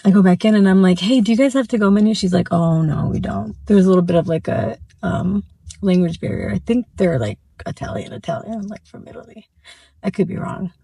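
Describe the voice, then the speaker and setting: A woman's voice: lowish voice, a little fast, vocal fry, mellow, husky, no room sound. A woman vlogging casually, rambling with many fillers and laughing often as she drives around in her car. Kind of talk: casual vlog chat. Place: car, driving.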